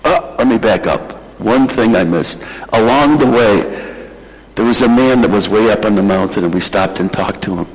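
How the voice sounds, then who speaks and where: A man preaching, telling a mission story in an emotional, animated way. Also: on the low side, normal speed, long reverb tail, rough recording. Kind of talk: sermon storytelling.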